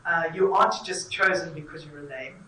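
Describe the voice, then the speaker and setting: A woman's voice: sits low, a little fast, sharp tone, a little hiss or hum. Effusive woman interviewer. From South Africa. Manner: effusive, talkative. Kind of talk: enthusiastic conversational interview. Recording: echoey room, mic at a distance.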